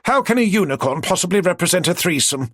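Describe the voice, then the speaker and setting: A man's voice: sits high, animated, quick pace, a bit bright, no room sound, studio quality, pitched above the performer's own voice. Man voicing a prim, exasperated woman. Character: sensible middle-aged woman, exasperated and prim.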